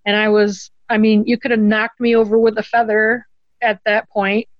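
An earnest woman recounts a deeply personal story as an interview guest. She talks through tears at moments and lifts her voice to quote others. The sound is close and dry, slightly dull. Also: flat delivery, normal speed, no echo. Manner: earnest, tearful at moments, quoting others in a lifted voice.

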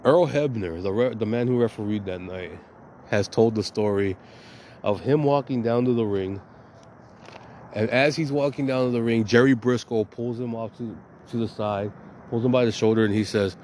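A man's voice: on the low side, moderate pace, darkish tone, slight background noise. A man hosting a podcast, talking casually in a rambling, profane and emphatic way. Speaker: podcast host.

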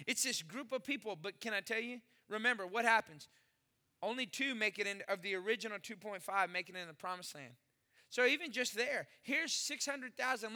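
A male pastor with a high, very bright and forceful voice, preaching in an animated storytelling way. He acts out the dialogue of his story and talks straight to his congregation. His voice rings with the long reverb of a large church hall. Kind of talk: sermon. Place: church sanctuary.

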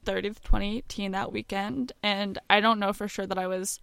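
A woman's voice: mid-range voice, flat delivery, normal speed, gravelly, fairly bright tone, clean tone, no room sound. A young woman co-hosting a podcast, telling a personal story in a casual, candid way with lots of "like" fillers. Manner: chatty, frequent "like" fillers, candid. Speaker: podcast co-host.

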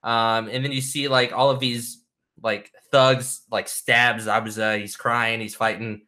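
Male co-host, slow and rambling, bright tone, excited storyteller. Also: mid-range voice. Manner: rambling, filler-heavy, enthusiastic storytelling. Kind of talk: casual chat about anime.

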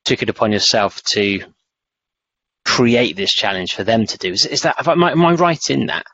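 A man's voice: medium pitch, normal speed, fairly bright tone, dull audio. A man hosting a podcast, asking a guest a question and hesitantly checking that he has it right. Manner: hesitant, checking his understanding. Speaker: podcast host. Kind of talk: casual interview questions.

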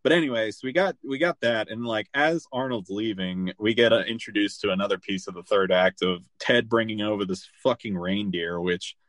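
A man hosting a podcast, recapping a film in loose, animated casual chat full of "like" and the odd swear word. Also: on the low side, moderate pace, hardly any pauses, dry recording. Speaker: podcast host.

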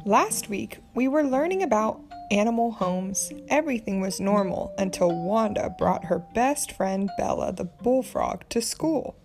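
A woman reading a children's picture book aloud, narrating gently and clearly. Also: medium pitch, animated, unhurried, few pauses, music in the background. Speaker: storybook reader.

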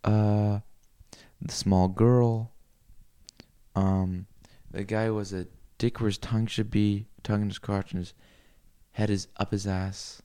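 A man rambling through a crude comic monologue, cursing freely and swinging into loud rants. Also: fairly low pitch, flat delivery, a little slow, clear, resonant tone.

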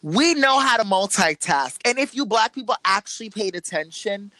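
Animated young man hosting a chat. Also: high voice, normal speed, no room sound. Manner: animated, opinionated storytelling. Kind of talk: casual chat.

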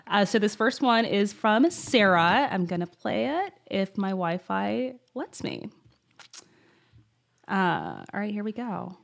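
A woman co-hosting a podcast, chatting casually in a warm, affirming way. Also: medium pitch, big pitch swings, slow, gravelly. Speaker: podcast co-host. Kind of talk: casual chat.

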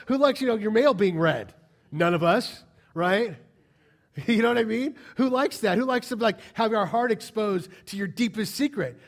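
A man with a notably high voice preaches to his congregation in a church. He talks in a lively, direct way and keeps asking his listeners rhetorical questions. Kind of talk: sermon.

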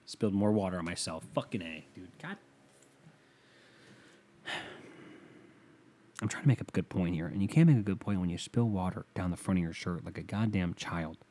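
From his bedroom, a young man delivers a casual podcast monologue that's rambling, profane, and self-deprecating. His voice sits low and sounds a little mellow.

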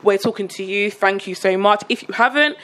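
A tired young woman co-hosting a podcast, talking slowly and rambling with lots of fillers. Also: mid-range voice, a bit bright, slight background noise. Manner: slow, sleepy, rambling with many fillers. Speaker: podcast co-host. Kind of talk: casual chat.

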